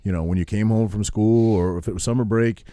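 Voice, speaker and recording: A man's voice: on the low side, steady tone, fairly quick, mellow, dry recording, clean studio sound. A middle-aged man from Maine, co-hosting a podcast and talking things over in a reflective, easy way. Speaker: podcast co-host. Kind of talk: casual chat.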